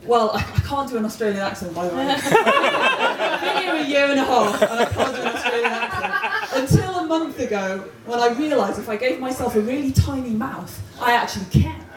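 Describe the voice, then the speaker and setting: A woman's voice: fairly high pitch, very animated, brisk, few pauses, crowd noise. Self-deprecating woman doing stand-up. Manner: self-deprecating, laughs at her own jokes. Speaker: stand-up comedian. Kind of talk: stand-up comedy set. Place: hotel pub comedy night. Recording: loud roomy pub recording from far off.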